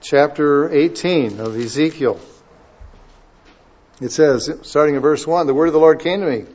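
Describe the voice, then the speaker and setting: A man preaching a sermon with a fairly high voice, captured on a dull, lo-fi recording. He drops into quiet asides, then rises into loud, forceful readings of scripture. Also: normal speed. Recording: dull lo-fi sound.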